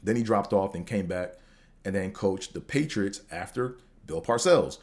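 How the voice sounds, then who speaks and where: Man, podcast host, low voice, lively up-and-down delivery, slangy rambling sports chat. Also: moderate pace. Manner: animated, with slang, swearing and rambling restarts. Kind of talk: casual sports talk.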